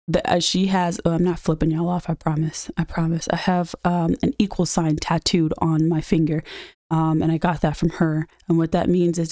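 Young female podcast host, candid and profane, low mellow voice, dry close sound. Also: dry recording. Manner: candid and blunt, swears freely. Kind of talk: casual personal vent.

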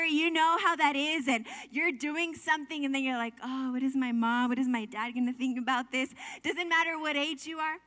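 A woman's voice: sits high, sharp tone. A young woman preaching a sermon in an earnest, conversational way, full of asides and restarts. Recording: long hall reverb.

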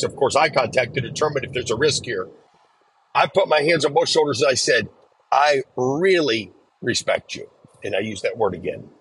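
A middle-aged man hosting a podcast, telling a story in a reflective, measured way and acting out the lines he quotes. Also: mid-range voice, fairly bright tone, slight background noise, low-quality recording. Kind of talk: casual storytelling.

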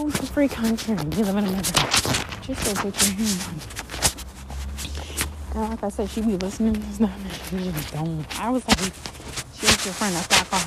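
A woman vents in a casual vlog rant, blunt and heated, and she swears without holding back. Her pitch sits in an ordinary middle range. A loud background noise runs under the whole recording. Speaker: content creator.

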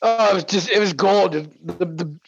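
A man's voice: high voice, unhurried, gravelly. A man co-hosting a podcast, telling a story in a casual, profane way and mimicking the people in it. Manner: animated, profane, mimics voices in his stories. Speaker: podcast co-host. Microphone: video call. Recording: dull lo-fi sound.

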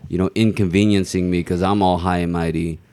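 Deep-voiced man telling a rambling story. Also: level tone, fairly quick, warm tone, no echo. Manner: rambling and self-deprecating, with restarts; laughs while telling stories. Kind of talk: casual conversation, personal story.

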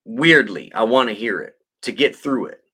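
A man's voice: mid-range voice, animated, normal speed, sharp tone, breathy edge. A man hosting a podcast, talking casually and bluntly with a lot of swearing. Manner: blunt, profane, emotional. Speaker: podcast host.

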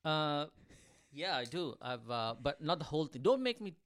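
A man with an Indian accent, a podcast guest who speaks hesitantly with lots of pauses. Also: fairly high pitch, sing-song. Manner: hesitant, soft-spoken, lots of ums. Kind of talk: casual podcast chat.

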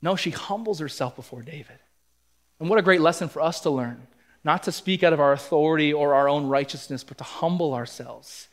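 Male pastor, slightly higher voice, earnest sermon delivery with rising emphasis. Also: fairly quick. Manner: earnest, building emphasis, acts out quoted lines. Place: church sanctuary.

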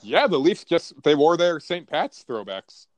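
A man in casual podcast chat, his voice fairly high and swinging widely in pitch. He delivers dry, mock-serious jokes in a relaxed, conversational way. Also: measured pace. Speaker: podcast co-host.

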